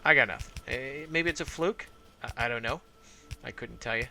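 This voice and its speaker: A man's voice: mid-range voice, moderate pace, gravelly, pushed and bright, soft background music. A man from Arizona giving casual let's-play commentary, rambling and thinking aloud with many fillers. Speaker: gameplay commentator.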